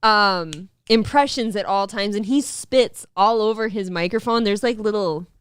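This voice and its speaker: A woman's voice: medium pitch, a little slow, smooth, no room sound, studio quality. A woman co-hosting a casual podcast, bantering wryly. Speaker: podcast co-host.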